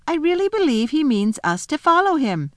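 A woman reading a storybook voices an eager, kind young girl in bright exclamations. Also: high voice, moderate pace, no room sound, studio quality, voice pushed up. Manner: excited, breathless exclamations.

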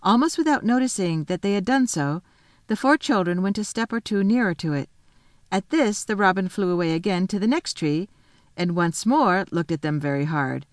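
Calm woman reading a storybook. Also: mid-range voice, no room sound, studio quality. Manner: calm, measured narration. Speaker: audiobook reader.

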